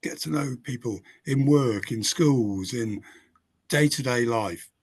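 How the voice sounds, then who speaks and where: A man co-hosting a conversation, making a point in a thoughtful, measured way. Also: mid-range voice, slightly rough. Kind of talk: casual chat.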